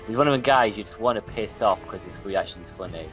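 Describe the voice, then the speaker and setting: Sweary low-voiced young guy. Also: a little fast, music in the background. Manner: blunt, sweary and stammering. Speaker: co-host. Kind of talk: casual gaming chat.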